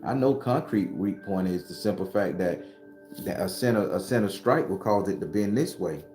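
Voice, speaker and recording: In a low, expressive, slightly mellow voice at a moderate pace, a spiritual vlogger and tarot reader gives a blunt, profane motivational monologue, repeating phrases as he preaches. He sits behind his home studio in an echoey room with soft music in the background.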